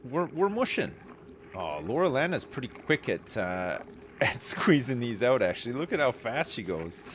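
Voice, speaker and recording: A man streaming a game live, chatting casually and thinking aloud, with frequent fillers and quick excited reactions. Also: mid-range voice, slight background noise. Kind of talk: casual gameplay commentary.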